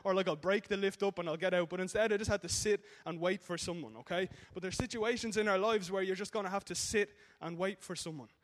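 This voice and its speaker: An Irish man preaching a sermon in a joking storytelling way, often checking in with the congregation. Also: high-pitched. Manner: jokey storytelling with frequent "okay?" tags. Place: church hall. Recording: echoey hall.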